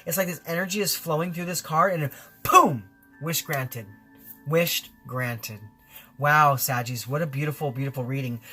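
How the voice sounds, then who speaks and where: A man reads tarot cards for his viewers in a bright, forceful voice. He gushes and rambles, restarts his sentences and leans on fillers. Soft music plays quietly under his voice. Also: a little high, fairly even intonation, fairly quick, husky. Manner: effusive, rambling, full of fillers. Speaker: tarot reader. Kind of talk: spiritual tarot reading.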